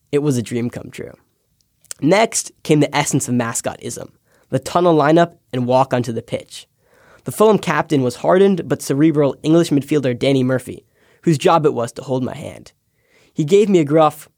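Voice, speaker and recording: A young man, a podcast intern, reading a scripted personal essay with wry, deadpan asides. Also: mid-range voice, normal speed, vocal fry, dry recording, studio quality. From United States. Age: young adult.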